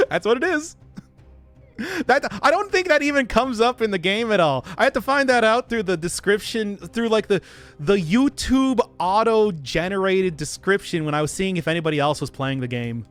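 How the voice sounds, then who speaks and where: A male streamer chatting loosely with his viewers while he plays, drifting off-topic and laughing often. His voice sits fairly high for a man and jumps around a lot in pitch, full of lively swoops. A faint bit of music plays underneath. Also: moderate pace. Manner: rambling, giggly, talks to chat. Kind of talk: casual gaming livestream chat.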